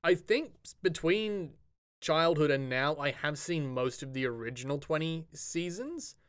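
A man's voice: a little high, lively intonation, a little slow, clean tone, no echo, clean studio sound. A man in his thirties, co-hosting a casual podcast chat with wry, joking asides. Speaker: podcast co-host.

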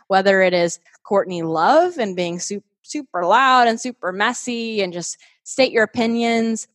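This woman, a podcast guest who also hosts her own show, keeps the casual conversation chatty and upbeat with lots of fillers. Her medium-pitched voice has lively intonation and a fairly bright tone, and she takes her time. Clean studio sound, no echo.

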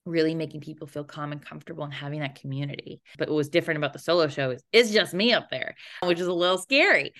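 Young woman guest with a low voice, animated storyteller who acts out the voices in her quotes. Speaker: interview guest, playwright and performer. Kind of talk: casual anecdotal storytelling.

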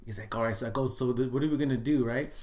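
A man's voice: medium pitch, rapid-fire. Chatty middle-aged man telling stories. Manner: loose and chatty, full of "dude" and "you know what I mean"; acts out quoted lines, swinging loud and soft. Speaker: guest. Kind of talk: casual storytelling chat.

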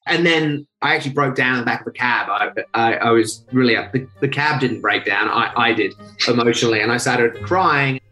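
A man tells a personal story as an interview guest. He talks in fast, lively bursts, often correcting himself mid-sentence. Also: mid-range voice, soft background music, poor audio. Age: 20s. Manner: animated, rapid storytelling with self-corrections.

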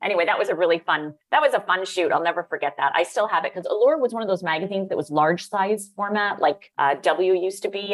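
A middle-aged woman telling lively anecdotes in a casual interview, using "like" a lot and laughing often. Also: on the low side. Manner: animated, lots of "like", laughs often. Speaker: guest, former magazine editor.

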